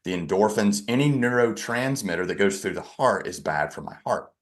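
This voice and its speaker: A man speaking as a podcast guest, telling his own story frankly, often halting and restarting his sentences, with a self-deprecating edge. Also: on the low side, lively intonation. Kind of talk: candid personal storytelling.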